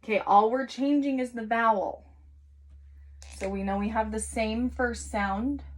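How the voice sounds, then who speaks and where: A kindergarten teacher giving an online phonics lesson, speaking to young children in an encouraging, sing-song way and stretching out letter sounds slowly. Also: female voice, fairly high pitch. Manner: slow, exaggerated sounding-out of letters.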